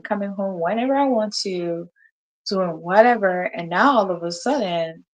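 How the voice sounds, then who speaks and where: A woman's voice: medium pitch, low-quality recording. A woman in her thirties hosting a casual live chat, telling a story with laughter and acted-out quotes. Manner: animated, laughing, acts out quotes. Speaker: host.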